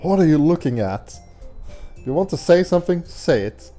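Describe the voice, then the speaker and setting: A pouty, sharp-tongued little schoolgirl barks and bosses the room, as a man pushes his voice high to play her. Her voice is raised and snappy, not smooth or gentle. Faint game music plays underneath. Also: big pitch swings, moderate pace. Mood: irritated. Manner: snappy, bossy. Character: grumpy small schoolgirl who bakes. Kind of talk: reading game dialogue in voices.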